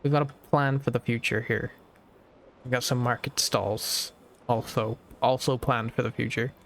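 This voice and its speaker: A man's voice: medium pitch, fairly even intonation, moderate pace, gravelly, fairly bright tone, a little hiss or hum. A young Irish man streaming a strategy game, chatting casually and thinking aloud with lots of fillers. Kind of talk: casual gaming stream chat.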